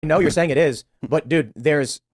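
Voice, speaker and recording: A man's voice: fairly high pitch, husky. A man arguing on a podcast, acting out little scenes with quoted voices to make his point. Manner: fast, argumentative, acts out quotes. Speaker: podcast guest. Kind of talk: podcast debate.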